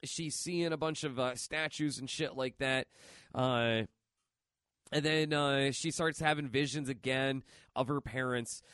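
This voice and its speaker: Rambling profane podcast host. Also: male voice, medium pitch, steady tone, unhurried, fairly bright tone, clean tone, no echo, clean studio sound. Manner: rambling, profane, filler-heavy. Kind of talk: casual chat recapping a comic.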